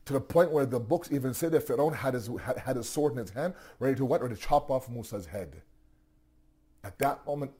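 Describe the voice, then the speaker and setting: A man telling a religious story in a sermon, animated, asking rhetorical questions and often restarting his sentences. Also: medium pitch, slightly rough. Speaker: religious teacher.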